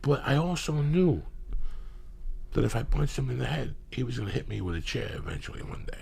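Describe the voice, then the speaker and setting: A man hosting a podcast, telling profane comedic stories in rambling anecdotes with loud bursts of emphasis. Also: mid-range voice, expressive, brisk, gravelly, husky. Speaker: podcast host.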